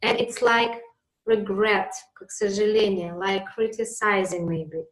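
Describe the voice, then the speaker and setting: A woman's voice: medium pitch, wildly swooping pitch, unhurried, echoey room, rough recording. A woman teaching an English lesson, patiently explaining with examples.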